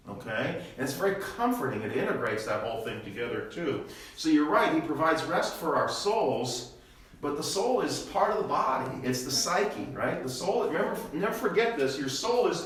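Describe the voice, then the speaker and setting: A man's voice: mid-range voice, fairly bright tone. An older man, a pastor leading a Bible study class, teaching with rhetorical questions and a habit of tagging sentences with "okay?". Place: church classroom. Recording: echoey church room, mic far off.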